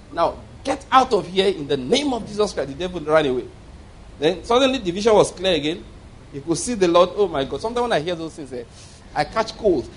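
Chuckling preacher man, higher voice. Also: a little hiss or hum. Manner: storytelling with frequent chuckles and repeated words. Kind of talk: sermon.

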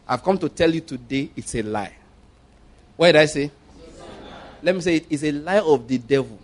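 High-voiced emphatic preacher man. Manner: emphatic, repeats phrases, rhetorical questions. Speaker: pastor. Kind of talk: sermon.

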